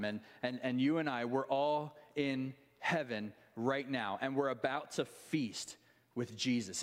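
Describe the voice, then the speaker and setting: A male pastor preaching a sermon, telling stories conversationally with many restarts and asides. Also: a little high. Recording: long hall reverb.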